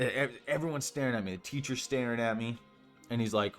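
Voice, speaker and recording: A man's voice: mid-range voice, a little fast, a bit bright, faint music behind. A young man telling a story in a casual vlog, rambling with lots of fillers and swearing freely. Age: young adult. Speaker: storytime vlogger.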